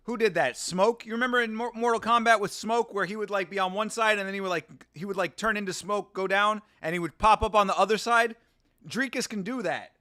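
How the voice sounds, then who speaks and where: A man hosting a casual fight watch-along, excitable and jokey. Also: high-pitched. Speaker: host.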